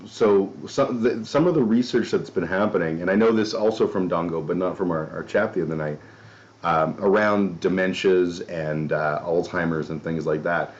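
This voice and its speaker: A male podcast host with a very low voice, talking in a loose, rambling way, cursing casually and poking fun at himself. The audio is dull and a bit lo-fi. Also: normal speed. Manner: rambling, swears casually, self-deprecating asides. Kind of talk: casual chat.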